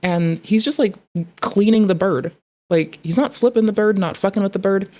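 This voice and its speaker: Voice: medium pitch, moderate pace. A young adult streamer ranting in casual chat, swearing often and rambling about pet training. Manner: profane, rambling, animated.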